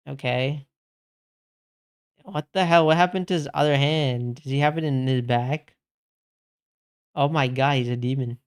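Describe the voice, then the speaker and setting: A man's voice: mid-range voice, unhurried, long pauses, smooth. A man streaming casually, chatting slangily and calling everyone bro while answering his chat.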